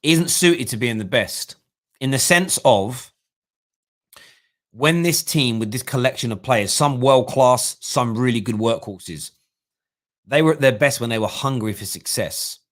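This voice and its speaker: A man's voice: medium pitch, a little slow, a bit bright. A man hosting a live-streamed football fan talk show, giving opinionated analysis and thinking aloud with restarts.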